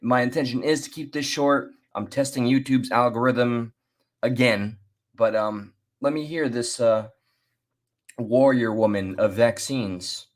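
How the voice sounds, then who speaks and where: Slow, chatty man hosting a reaction stream. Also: medium pitch. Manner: chatty, laughs and restarts, drawn-out asides. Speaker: commentary host. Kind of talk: casual reaction commentary.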